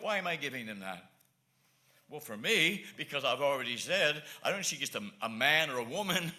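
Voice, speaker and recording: A man preaching a sermon as an evangelist, earnest and repetitive, swinging between soft asides and emphatic lines. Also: a little high.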